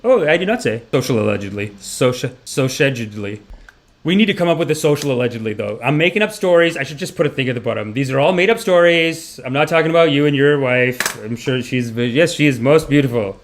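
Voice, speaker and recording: A man's voice: medium pitch, expressive, brisk. A man doing a comedic monologue as a mock spiritual guru, rambling and cutting himself off.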